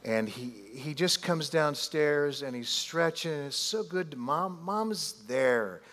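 A man preaching a sermon, telling a story animatedly with drawn-out pauses and asides to the congregation. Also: fairly high pitch, expressive, fairly bright tone. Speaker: pastor. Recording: long hall reverb.

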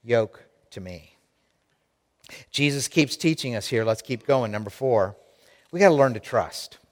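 A man's voice: medium pitch, expressive, moderate pace, in a large hall. A man preaching a sermon to his congregation, emphatic and direct, repeating key lines for effect. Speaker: pastor.

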